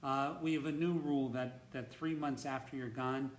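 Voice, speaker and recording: A man's voice: mid-range voice, steady tone, normal speed, echoey room. A man hosting a casual interview at a retreat center, talking emphatically and often repeating his first words as he starts a sentence. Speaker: host of a retreat center talk.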